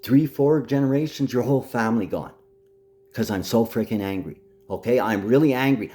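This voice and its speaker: A man's voice: mid-range voice, normal speed, dark tone. A man talking to camera in a rambling, agitated monologue, addressing absent people directly.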